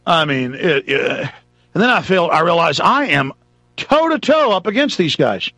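A man's voice: a little high, very animated, moderate pace, pushed and bright, dry recording, soft background music. A man hosting a talk radio show, ranting in a rambling, dramatic monologue.

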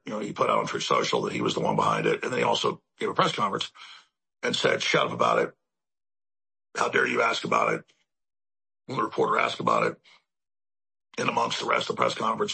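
A man's voice: rumbling low, very animated, quick pace, creaky, bright, forceful tone, slightly rough. A male host delivering a rambling, emphatic political commentary monologue, piling up repetitions as he talks. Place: studio in Central Texas.

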